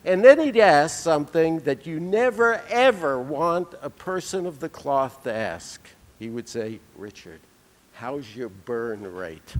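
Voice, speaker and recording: A man's voice: a little high, animated, unhurried, hardly any pauses, slight background noise. Man giving a keynote in a reverberant hall. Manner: anecdotal storyteller with dry humor. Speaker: keynote speaker. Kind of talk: conference keynote speech. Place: conference hall.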